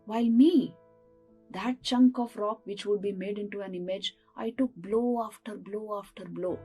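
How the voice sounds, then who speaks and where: A woman voicing a calm, wise male deity who speaks from a temple statue and patiently explains himself to the steps. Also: medium pitch, slightly rough, close to an everyday voice, low-quality recording.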